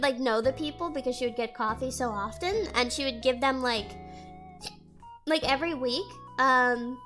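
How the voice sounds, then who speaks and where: A woman's voice: sits high, pushed and bright. A young woman streamer chatting casually with her viewers, rambling and giggling, with a stuffy nose. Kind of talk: casual chat reading chat aloud.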